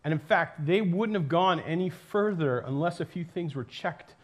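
A man preaching a sermon in a casual, animated storytelling way, with lots of fillers and asides. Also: a little high, moderate pace. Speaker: pastor. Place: church.

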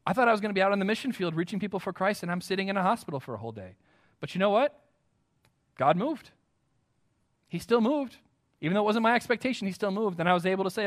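A man with an American accent delivering a sermon in a fairly high voice. He preaches earnestly and with emphasis, often turning to his listeners with direct questions. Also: animated, quick pace, long pauses. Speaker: pastor.

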